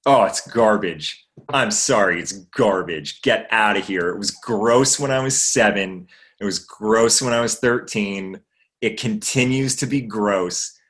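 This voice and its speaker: A man's voice: lowish voice, unhurried, fairly bright tone. A man from Maine, a guest actor chatting casually in a livestream Q&A, rambling with fillers and swearing freely. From Maine, USA.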